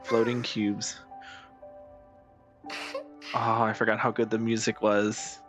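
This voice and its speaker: Profane, excitable male game streamer. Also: lowish voice, takes it slowly, music in the background. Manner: profane, excitable, talks to chat. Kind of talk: casual live-stream chat.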